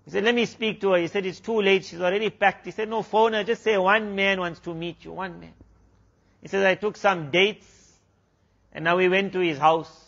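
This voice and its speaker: A man's voice: sits high, steady tone, brisk, vocal fry, fairly bright tone, highs cut off. A man preacher with a South African accent, telling a sermon story full of quoted exchanges. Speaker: Islamic preacher.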